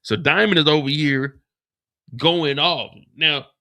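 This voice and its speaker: Guy on a livestream going over an episode, slangy and swearing a lot, bright tense voice. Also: fairly high pitch, slow. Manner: animated, profane, slangy. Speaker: livestream host. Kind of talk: casual TV episode recap.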